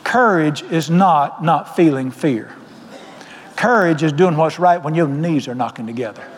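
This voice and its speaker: In a sanctuary full of long, large-hall reverb, a Southern-accented pastor tells his sermon stories with folksy emphasis. He speaks a little slowly in a slightly high, expressive voice.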